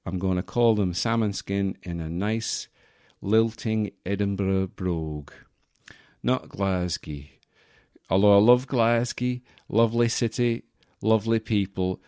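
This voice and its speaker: A man's voice: fairly low pitch, unhurried, a little mellow, clear, resonant tone, dry recording, studio quality. A young man hosting a casual solo podcast from his apartment, rambling and joking with lots of self-correcting asides. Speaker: podcast host.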